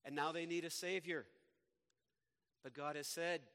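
A male pastor reading scripture and preaching a sermon in a slow, measured way. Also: mid-range voice, a bit bright. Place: church sanctuary. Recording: long reverb of a church hall.

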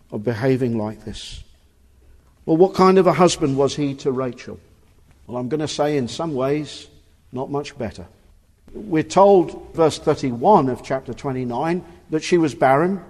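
A male preacher delivering a sermon with earnest emphasis, pressing his listeners with rhetorical questions. His voice sits a little high for a man and rings out in the long reverb of a church hall. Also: darkish tone.

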